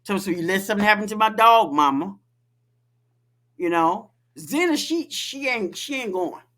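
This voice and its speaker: A woman co-hosting a casual podcast, telling a story in a lively, profane, laughing way. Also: medium pitch, normal speed. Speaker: podcast co-host.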